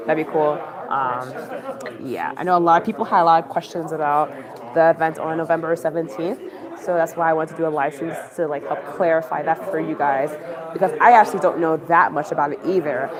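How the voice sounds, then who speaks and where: A woman's voice: low voice, fairly even intonation, brisk. A woman livestreaming on her phone from a campaign office, chatting casually and rambling with lots of fillers. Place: busy campaign office indoors. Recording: crowd chatter behind.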